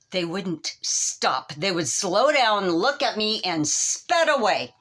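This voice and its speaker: Animated woman telling a comic story. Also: mid-range voice, measured pace. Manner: animated, exaggerated exclamations. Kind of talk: comedy sketch monologue.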